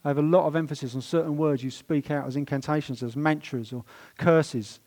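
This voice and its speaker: A man preaching a sermon in a church, telling stories and stressing words with swings in loudness. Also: fairly high pitch, fairly even intonation, fairly quick. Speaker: pastor.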